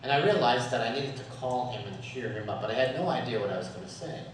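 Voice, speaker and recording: A man's voice: mid-range voice, lively intonation, quick pace, slight background noise. Male guest speaker, joke-laden storyteller; distant mic in an echoey hall, faint ambience. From USA. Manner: storytelling with jokes, chuckles often. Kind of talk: humorous talk at a Sunday service. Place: worship hall.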